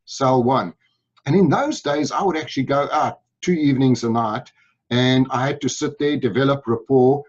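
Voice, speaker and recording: A man's voice: mid-range voice, darkish tone. Upbeat South African man, lo-fi audio. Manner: upbeat, enthusiastic storytelling. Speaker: guest sales speaker. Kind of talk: interview.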